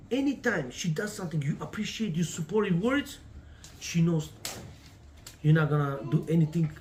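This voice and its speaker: A man's voice: high-pitched, a little mellow, slight background noise. A man teaching a class on marriage, preachy and emphatic, in broken English with lots of repetition. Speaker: religious teacher. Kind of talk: Torah class talk on marriage.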